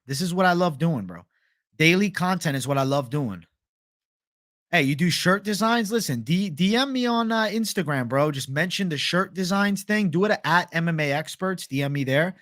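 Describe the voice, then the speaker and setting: A man's voice: a little high, fairly bright tone, dry recording, studio quality. A young man hosting a live stream, reading viewer comments in a laid-back, chatty, profane way. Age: young adult. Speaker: host.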